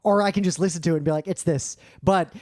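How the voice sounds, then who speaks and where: A man's voice: high voice, steady tone, very fast, darkish tone, no room sound. A man co-hosting a casual tech podcast from his home studio, explaining audio problems bluntly and swearing now and then. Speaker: podcast co-host. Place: home studio, remote recording session. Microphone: professional studio microphone.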